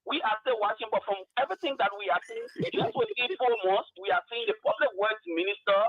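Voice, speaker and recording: Male debater, brisk and insistent, lively high pitch. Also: no echo, highs cut off. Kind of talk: political debate.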